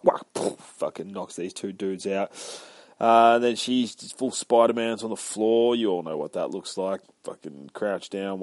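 A man with a fairly low voice talks through a comic book issue panel by panel. His recap is loose and rambling, packed with profanity. The sound is dry and close, with no room echo. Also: a little mellow. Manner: profane, rambling, sweary play-by-play. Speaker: podcast co-host reviewing comics.

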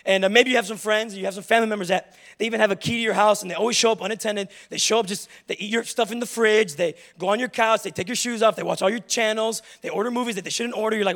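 A young adult pastor preaches a sermon in church, using funny, confessional stories to make his point. His high, fairly bright voice moves quickly with few pauses and fairly even intonation.

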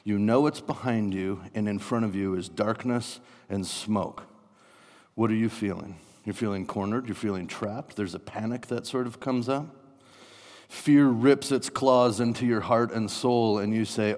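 A man preaching a sermon, animated, acting out panicked inner voices. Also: on the low side, normal speed. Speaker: pastor. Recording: long reverb of a large hall.

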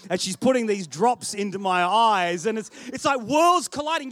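Male pastor, Australian accent, very high voice, story-driven sermon with self-mocking jokes. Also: expressive, moderate pace, few pauses, fairly bright tone, no echo. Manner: chatty storytelling with self-deprecating humour.

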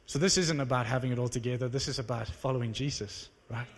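Young South African preacher in a hall. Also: male voice, mid-range voice, fast talker, slight background noise. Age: young adult. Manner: animated storytelling, rising to excited exclamations. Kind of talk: sermon with personal testimony. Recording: reverberant hall.

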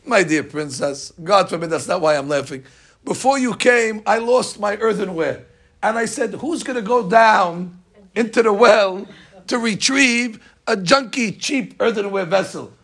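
A man's voice: high-pitched, measured pace, fairly bright tone, slightly rough, heavily acted. A man voicing a poor, humble young maidservant in a storytelling lesson, explaining herself in a pleading way. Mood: relieved.

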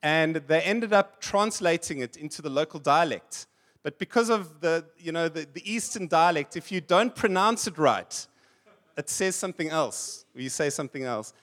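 A man's voice: on the high side, lively intonation, normal speed, a bit bright. A man preaching a sermon in a conversational way, mixing scripture with funny anecdotes. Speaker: pastor.

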